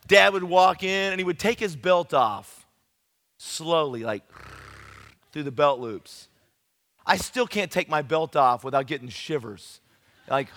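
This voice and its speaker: A man preaching at a youth camp, telling a funny story from his childhood with lively, folksy emphasis. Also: a little high, unhurried, pauses often. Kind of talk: evangelistic sermon with humorous storytelling. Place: large camp meeting room. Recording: long hall reverb.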